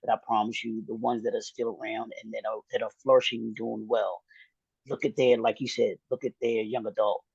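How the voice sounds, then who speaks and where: A man's voice: on the low side, flat delivery, a little fast, gravelly, darkish tone, breathy edge, no echo, lo-fi sound. A man hosting an interview, earnest and repeating himself for emphasis. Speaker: show host.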